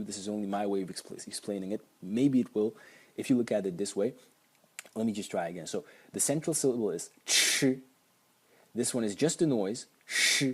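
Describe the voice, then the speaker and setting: Husky-voiced man explaining pronunciation. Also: on the low side, a little mellow. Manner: patient, demonstrates sounds repeatedly. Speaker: language teacher.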